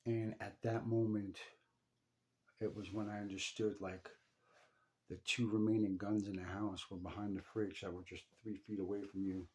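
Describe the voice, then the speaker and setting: A man speaking straight to his father in an emotional personal story, intense and profane, halting and repeating himself. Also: fairly low pitch, level tone, warm tone. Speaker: son telling a personal story. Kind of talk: emotional first-person address.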